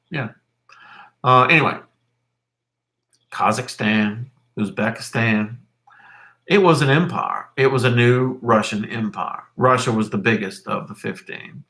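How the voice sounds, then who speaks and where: A man's voice: mid-range voice, a bit bright. A middle-aged man teaching history over a live stream, rambling and correcting himself with many fillers.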